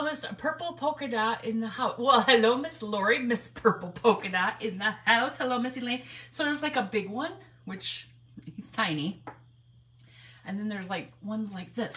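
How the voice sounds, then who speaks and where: A woman's voice: a little high, fairly bright tone. A woman, hosting a live craft stream, chatty and laughing, greeting viewers by name. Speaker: craft livestream host.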